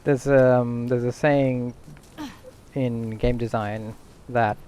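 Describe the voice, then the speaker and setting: A man's voice: mid-range voice, steady tone, slow, mellow, clean tone. A man streaming a video game, rambling through casual commentary and thinking aloud to his chat.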